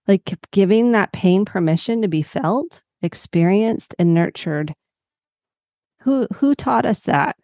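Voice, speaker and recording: A woman guest who works as a psychotherapist, telling a personal story in lively conversational talk and acting out the people she quotes. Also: mid-range voice, slow pace, no echo. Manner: animated, warm storyteller who acts out quotes.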